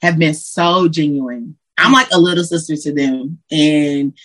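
A woman from Detroit, a Christian hip hop artist, chatting as a guest in an interview, lively and slangy, acting out what her friends say. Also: low voice, unhurried, low-quality recording. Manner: animated, slangy, acts out quotes of friends. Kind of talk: casual interview chat.

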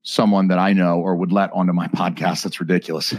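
A man's voice: deep voice, little pitch movement, quick pace, no room sound. A man in his thirties hosting a podcast livestream, rambling through crude jokes with lots of restarts. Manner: rambling, joking, with many restarts. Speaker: podcast host. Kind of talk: crude comedic banter on a livestream.

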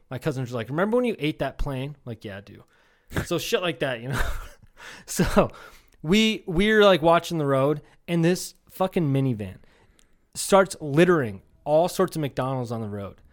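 A man in his thirties from Iowa, co-hosting a comedy podcast and telling rambling, profane stories in casual chat. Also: medium pitch. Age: 30s. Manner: rambling storyteller, swears a lot, mimics people. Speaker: podcast co-host.

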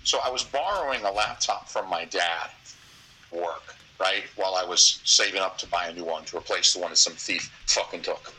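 A man's voice: deep voice, normal speed, pushed and bright, slight background noise, low-quality recording. A man with a Boston accent telling a crude, rambling story as a podcast guest, profane and often laughing.

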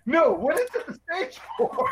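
A man's voice: very high voice, huge pitch swings, a little slow, a little hiss or hum. A man in casual chat, trading crude jokes and blunt banter.

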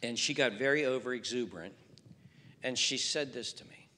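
A male pastor delivering an impassioned sermon to a seated congregation, dropping to hushed appeals. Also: medium pitch, moderate pace. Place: church hall before a seated congregation. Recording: long hall reverb.

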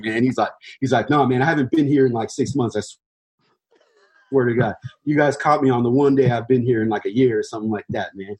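A man's voice: medium pitch, quick pace, slight background noise, rough recording. A young man telling a rambling story about his band in a casual, laid-back chat. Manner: laid-back, rambling, heavy fillers, swears freely. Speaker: touring band musician.

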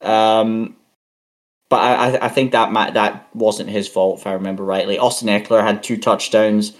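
A man's voice: lowish voice, steady tone, normal speed. A man co-hosting a podcast in casual sports chat, hesitant with fillers while reading out stats, and he has the hiccups. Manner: hesitant, many fillers and restarts, reads out stats. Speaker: podcast co-host.

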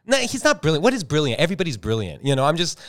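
A man's voice: on the high side, huge pitch swings, racing. A man co-hosting a loose podcast conversation, his voice swinging up and down as he clowns around. He curses freely, acts out what he would say in little scenes, and keeps the tone playful. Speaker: podcast co-host. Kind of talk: casual chat.

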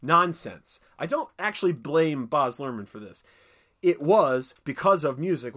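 A podcast co-host with a mid-range, slightly bright voice chats casually and profanely about a film, riffing, griping, and putting on mock voices.

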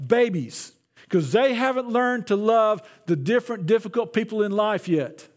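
A man's voice: sits high, moderate pace. A man, a pastor, preaching a sermon in a conversational way, often repeating his words.

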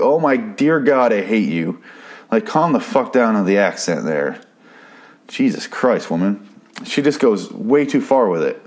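Low-voiced man ranting casually. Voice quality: profane, rambling, restarting. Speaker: TV episode recapper. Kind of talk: casual podcast recap.

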